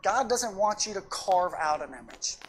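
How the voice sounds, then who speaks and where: A woman's voice: medium pitch, animated, normal speed, husky. A woman pastor preaching a sermon in a church, emphatic and repetitive, weaving in anecdotes. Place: church sanctuary.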